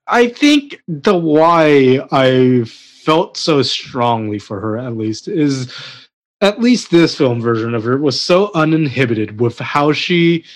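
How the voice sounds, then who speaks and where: A man's voice: medium pitch, lively intonation, takes it slowly. A man in a casual podcast chat about a film, blunt and profane, laughing as he talks. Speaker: podcast co-host.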